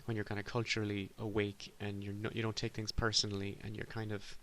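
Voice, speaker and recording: A man's voice: on the low side, monotone, quick pace, fairly bright tone. A man from Ireland hosting a solo comedy podcast, rambling in a self-deprecating way with sudden exasperated outbursts. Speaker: podcast host.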